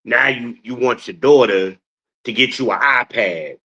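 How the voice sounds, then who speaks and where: A middle-aged man lectures his listeners in a casual stream monologue. His voice has a middle pitch and rises into preacher-like scolding. The audio is a bit dull and lo-fi. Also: measured pace, breathy edge. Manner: animated, scolding, preacher-like cadence. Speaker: podcast host.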